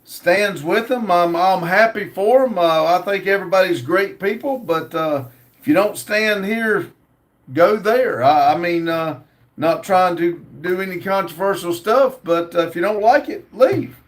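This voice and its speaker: Guy on a livestream reading chat, kinda high voice, slow and laid back, lots of uhs. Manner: slow, easygoing, many uhs, reads comments aloud.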